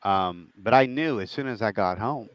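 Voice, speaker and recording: A young adult man on a podcast, asking earnest questions in a halting, searching way, often restarting his sentences. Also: fairly low pitch, no room sound, low-quality recording. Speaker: podcast co-host. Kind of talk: casual chat.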